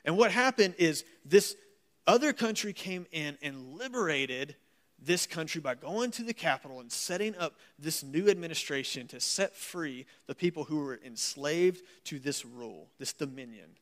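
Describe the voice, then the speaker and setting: A man's voice: fairly high pitch, animated, normal speed, a bit bright. A man preaching a sermon at a church service in a folksy, joking way, reading scripture aloud and explaining it. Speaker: pastor.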